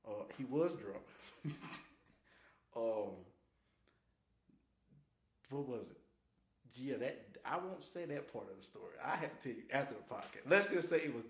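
Lively echoey podcast man. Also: medium pitch. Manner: animated, slangy, laughs often, acts out quotes. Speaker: podcast host. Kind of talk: casual storytelling chat. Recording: echoey room.

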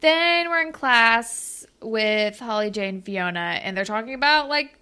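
A woman's voice: a little high, expressive, measured pace, pushed and bright, clean tone. A young woman co-hosting a casual recap chat, full of fillers and offhand swearing. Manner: chatty, filler-heavy, quotes characters in passing, swears casually. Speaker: podcast co-host.

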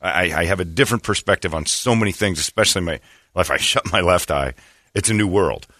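Deep-voiced radio host spinning a yarn. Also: male voice, brisk, no echo, studio quality. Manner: rambling, animated storyteller with a jokey, irreverent edge. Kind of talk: casual on-air banter.

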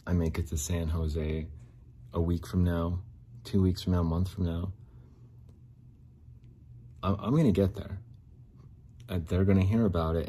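Very deep-voiced rambling man. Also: mellow, breathy edge. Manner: rambling, repeats himself, frequent likes and restarts. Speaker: podcast host. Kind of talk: casual monologue.

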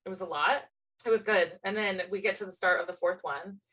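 A woman's voice: on the low side, brisk, a bit bright, breathy edge, low-quality recording. A woman co-hosting a podcast in casual chat, gushing with enthusiastic fan talk. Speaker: podcast co-host.

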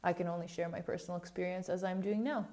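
A woman's voice: fairly low pitch, steady tone, quick pace, a little mellow. A woman hosting a podcast, talking in a candid, rambling way with frequent self-corrections and asides, a little preachy. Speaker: podcast host. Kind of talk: casual podcast monologue.

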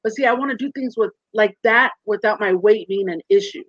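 A woman's voice: medium pitch, brisk, fairly bright tone, dry recording. A woman in her thirties, a guest in a candid interview, talking earnestly and animatedly and acting out voices in her stories. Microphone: video call. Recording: dull muffled lo-fi sound.

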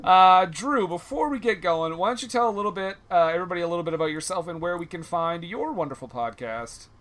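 A man hosting a comedy podcast, easygoing and quick to laugh as he introduces a guest. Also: high voice, lively intonation, a bit bright. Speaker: podcast host.

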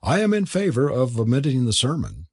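A man's voice: medium pitch, wildly swooping pitch, brisk, breathy edge, no room sound. A man voicing a prim, flustered young male curate who stammers when cornered. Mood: stammering.

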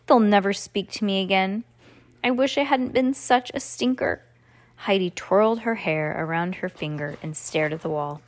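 A woman's voice: mid-range voice, normal speed. A woman reading a children's book aloud at home, casually stopping to comment and restart lines. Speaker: reader.

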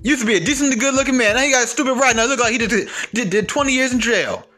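A man's voice: very high voice, very fast, pushed and bright, soft background music. A man giving a blunt, profane, heated ranting monologue as an online commentator.

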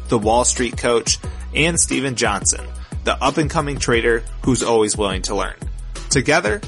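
A man delivering a scripted podcast intro with polished announcer polish. His pitch is middling, and faint music runs underneath. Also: fairly bright tone. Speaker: show announcer.

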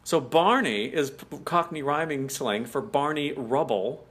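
A man's voice: a little high, lively intonation, a little slow, a bit bright, slightly rough. An American man co-hosting a podcast in casual chat, explaining at length and laughing often. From United States. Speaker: podcast co-host.

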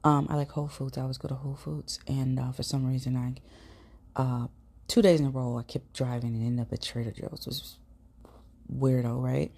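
A woman's voice: extremely low pitch, little pitch movement, brisk, vocal fry, warm tone, slightly rough. A woman with a St. hosting a podcast, telling a personal story in a chatty, casual way, swearing now and then and sometimes dropping to a whisper. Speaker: podcast host.

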